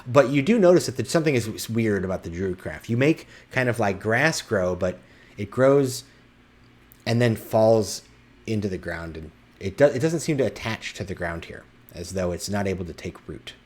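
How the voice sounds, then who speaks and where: Male game master, very low, husky, animated narration. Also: normal speed.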